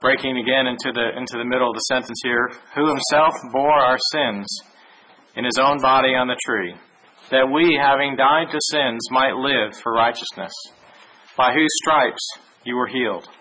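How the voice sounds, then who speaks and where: A man giving a Bible lesson, reading verses aloud in a measured way with small restarts. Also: mid-range voice, pushed and bright, slight background noise, low-quality recording. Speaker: Bible teacher. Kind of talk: sermon with scripture reading.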